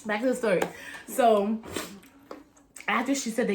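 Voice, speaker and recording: A woman's voice: a little high, steady tone, moderate pace, noisy background. A young adult woman chatting casually in a storytime vlog, retelling events dramatically with gasps and laughter. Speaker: vlogger telling a story.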